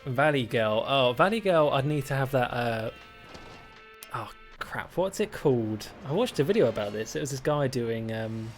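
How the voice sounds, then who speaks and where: A man's voice: medium pitch, expressive, normal speed, faint music behind. A man rambling chattily and laughing easily while streaming a game. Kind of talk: casual chat while playing a game.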